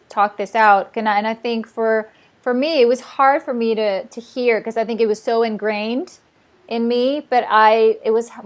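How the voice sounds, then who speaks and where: A woman hosting an interview, asking questions and reflecting on her own experience in a conversational way. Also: on the high side. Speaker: interview host.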